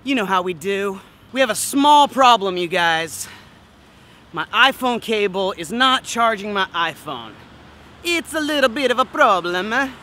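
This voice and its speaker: A man's voice: sits high, expressive, unhurried, pushed and bright. A young man talking to camera in a casual, upbeat travel vlog, chatting directly to his viewers. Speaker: travel vlogger.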